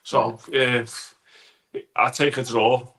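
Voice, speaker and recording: A man giving his view on upcoming matches in a casual chat, halting and restarting as he reasons. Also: medium pitch, slight background noise. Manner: halting, restarts, steady analysis.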